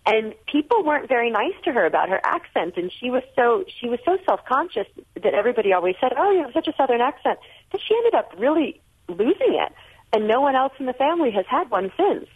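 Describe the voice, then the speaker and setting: A woman's voice: on the high side, big pitch swings, quick pace, slightly rough. An American woman in her forties, a guest author talking on a radio call-in show, chatty and prone to restarting her sentences. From United States. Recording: tinny phone line.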